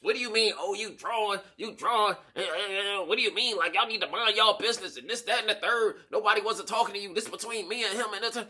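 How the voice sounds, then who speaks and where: A man's voice: high voice, fast, few pauses, pushed and bright, voice pushed up, exaggerated voice. A man voicing a defensive young woman at a club who has been caught out, brushing off the accusation indignantly.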